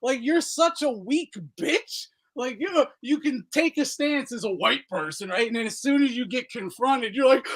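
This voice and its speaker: A man hosting a boxing talk podcast in a loud, profane, mocking chat. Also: very high voice, normal speed, hardly any pauses. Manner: loud, profane, laughing mockery. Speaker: podcast host. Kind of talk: casual chat.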